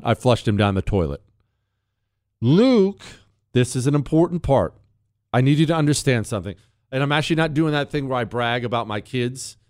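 Hosting a talk show, a man gives his monologue with a sarcastic, story-driven edge, his pitch rising and falling widely as each point builds. The studio sound is close and dry, without any room sound.

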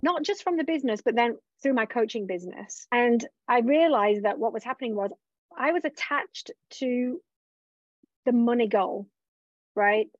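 Woman coach guest, candid and reflective, slightly high voice, dry lo-fi recording. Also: moderate pace, no echo. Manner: reflective, open, quotes her own thoughts. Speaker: business coach. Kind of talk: candid conversational interview.

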